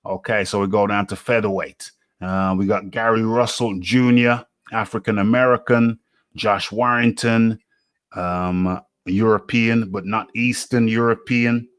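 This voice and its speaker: A man hosting a boxing talk show, musing aloud in casual commentary with many fillers and pauses. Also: lowish voice, steady tone, clear, resonant tone, no echo. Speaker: boxing radio host.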